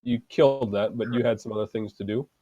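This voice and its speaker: Male game master, halting delivery full of fillers, warm dark tone, dry. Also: on the low side, steady tone, no echo, muffled recording. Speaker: dungeon master. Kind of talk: narrating a tabletop game.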